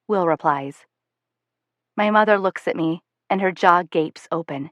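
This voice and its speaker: A woman narrating a first-person audiobook in a steady, measured way. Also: lowish voice, dry recording.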